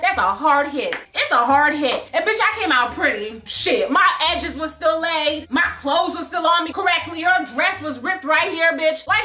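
A young woman telling a storytime vlog in an animated, profane, sassy manner. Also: high-pitched. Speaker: YouTuber storyteller. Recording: roomy echo.

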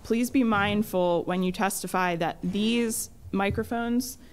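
A woman attorney presenting her client's case at a public hearing, speaking in a measured, polite and precise way. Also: medium pitch, a little hiss or hum. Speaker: legal counsel for the applicant. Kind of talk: formal legal presentation.

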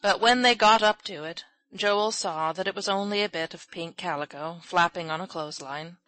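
A woman's voice: moderate pace, bright, forceful tone, low-quality recording. A woman reading a classic children's novel aloud as an audiobook narrator, lifting her voice for the characters' lines. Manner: voices characters with raised pitch and volume.

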